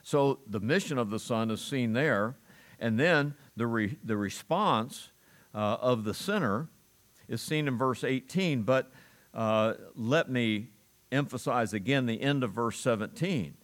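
A man's voice: medium pitch, unhurried. Man preaching an earnest sermon. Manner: earnest preaching with emphatic repeated phrases and chuckles. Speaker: pastor.

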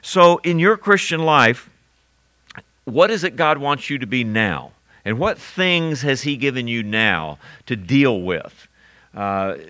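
A man's voice: medium pitch, sharp tone, dry recording. A man preaching a sermon as pastor, teaching verse by verse with emphatic repetition.

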